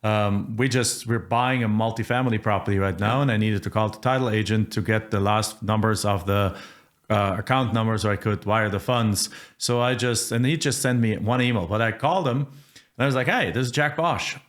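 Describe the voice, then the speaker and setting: A man's voice: on the low side, steady tone, fairly quick. Man hosting a casual interview. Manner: storytelling with restarts, acts out phone calls. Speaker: podcast host.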